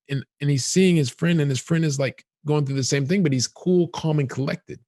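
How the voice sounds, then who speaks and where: A man hosting a podcast, telling a story to guests in an animated, repetitive way and linking his sentences with "and so". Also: on the high side, fairly quick, no echo, studio quality. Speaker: podcast host.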